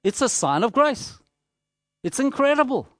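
A man preaching a sermon, measured and emphatic, repeating phrases for rhetorical effect. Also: extremely high pitch, sing-song, a bit bright, no room sound.

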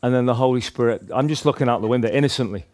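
A man's voice: mid-range voice, very fast, darkish tone. A man with a Northern Irish accent tells a personal faith story to a group in a chatty, rambling way, full of restarts and "like". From Northern Ireland. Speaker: speaker sharing a testimony.

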